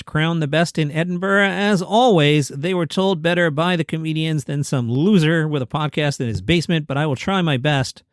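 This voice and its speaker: A man's voice: on the high side, dry recording, clean studio sound. Wry man hosting a comedy news podcast. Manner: wry, sarcastic, reads jokes aloud. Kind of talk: casual comedy news commentary. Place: home studio.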